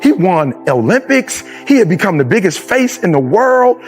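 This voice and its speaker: A man giving a motivational speech in a preacher's style, moving from low, quiet stretches to loud shouted peaks. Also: very animated, normal speed, few pauses, faint music behind. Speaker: motivational speaker.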